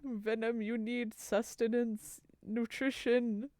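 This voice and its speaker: Doting, playful woman streamer, clear voice. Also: a little high, little pitch movement, takes it slowly, mellow, no echo, studio quality. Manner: doting, playful, cutesy internet slang. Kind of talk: casual live-stream chat, reading chat.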